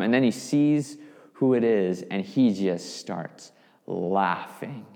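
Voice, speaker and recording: A man preaching a sermon, telling a story with lively, vivid asides. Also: lowish voice, normal speed. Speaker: pastor. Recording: long reverb of a hall.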